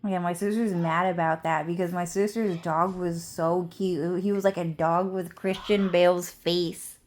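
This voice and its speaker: A woman's voice: lowish voice, steady tone, a little slow, a little mellow. A woman ranting casually into the camera, swearing often and filling her speech with "like" and "dude". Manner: profane, fills speech with "like" and "dude". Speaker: vlogger. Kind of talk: casual rambling rant.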